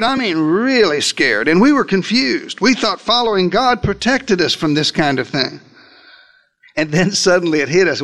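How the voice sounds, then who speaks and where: A man preaching a theatrical sermon, retelling a story as if he were there and speaking directly to his listeners. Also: a bit bright. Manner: theatrical, shifts pitch and pace for emphasis. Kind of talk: dramatic first-person sermon storytelling.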